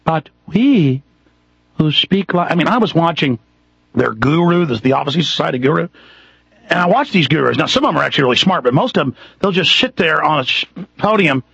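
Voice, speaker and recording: A male talk radio host with a husky, slightly raised voice who rants at callers in a combative, loudmouthed way. The sound is dry and dull, like a studio broadcast. Faint music sits underneath. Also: a little high, expressive, no room sound. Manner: aggressive, loud, fast-talking rants.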